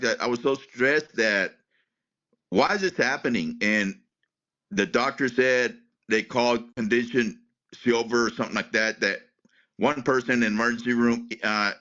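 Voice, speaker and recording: Slow, halting man with a bright voice. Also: medium pitch. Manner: halting, repeats words, restarts sentences. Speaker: interviewee, retired Air Force veteran. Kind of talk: emotional personal account in an interview. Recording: muffled, lo-fi recording.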